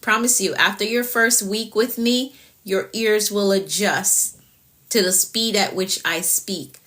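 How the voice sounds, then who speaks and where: Fast-talking Jamaican woman coach. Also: medium pitch, a bit bright. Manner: fast-talking, repeats "okay?" often. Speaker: productivity coach. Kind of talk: live-stream teaching.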